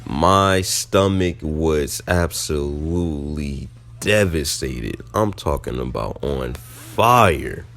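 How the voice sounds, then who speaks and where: Deep-voiced guy telling a storytime vlog, animated n slangy, soft music behind. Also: slow pace. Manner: animated, slangy, jumps into high squeaky reenactments. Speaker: storytime vlogger. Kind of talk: casual storytelling.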